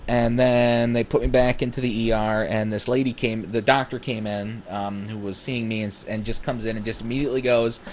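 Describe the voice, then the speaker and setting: A man telling his own story casually, rambling with many fillers and self-corrections, and growing animated when he acts out dialogue. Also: on the low side, slight background noise.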